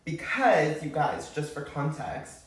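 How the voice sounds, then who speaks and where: A man in his twenties co-hosting a podcast, chatting casually in an animated, dramatic way with lots of "like". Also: on the high side, takes it slowly. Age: 20s. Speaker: podcast co-host. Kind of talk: casual chat. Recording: echoey room, mic at a distance.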